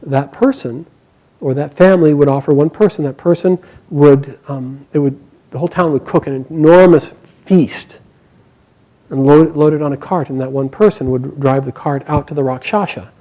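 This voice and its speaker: A male storyteller telling a myth aloud to a group in a fairly high voice. He is animated, warming up as the action builds, and chuckles often at his own tale. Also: normal speed, low-quality recording. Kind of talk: oral storytelling to a live group.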